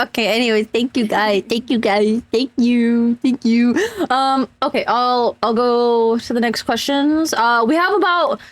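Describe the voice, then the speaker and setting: A woman's voice: fairly high pitch, fairly even intonation, no echo. A woman hosting a casual livestream Q&A, chatty with many fillers. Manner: chatty, quick, filler-heavy. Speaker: stream host.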